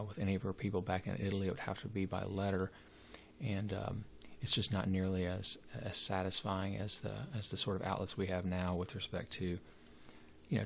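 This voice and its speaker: A man's voice: low-pitched, vocal fry, a bit bright, slight background noise. A man giving a literature lecture, hesitant and full of fillers and restarts. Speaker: literature teacher.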